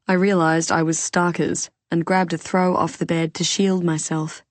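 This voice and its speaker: A woman narrating a first-person audiobook thriller with expressive storytelling. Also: low-pitched, normal speed, few pauses, no echo.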